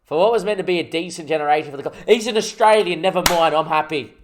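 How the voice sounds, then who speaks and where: A young man hosting his gaming channel, chatting casually and jokily as he thinks out loud over gameplay. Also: on the high side, fast talker, noisy background. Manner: rambling, jokey, thinks aloud while playing.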